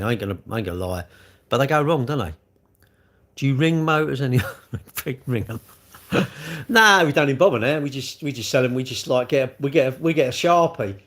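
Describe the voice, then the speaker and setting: A man's voice: mid-range voice, a bit bright. A man hosting a live stream, chatting casually and answering comments in a rambling, jokey, self-deprecating way. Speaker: livestream host.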